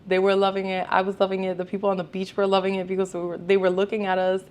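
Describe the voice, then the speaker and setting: A woman's voice: medium pitch, completely flat delivery, fast talker, darkish tone. A young woman photographer giving casual vlog advice, emphatic and repeating her points, sometimes swearing offhand.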